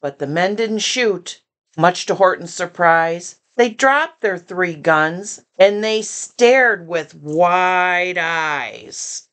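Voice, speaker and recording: An older woman reading a children's picture book aloud, expressive, often stopping to comment and to ask the listening child questions. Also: fairly low pitch, drawn-out words. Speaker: storyteller.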